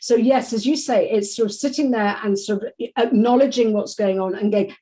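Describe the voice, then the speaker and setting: A woman's voice: a little high, sing-song, moderate pace, hardly any pauses, mellow, low-quality recording. A woman guest on an interview, talking casually about anxiety, full of hedging fillers and restarts and acting out little voices.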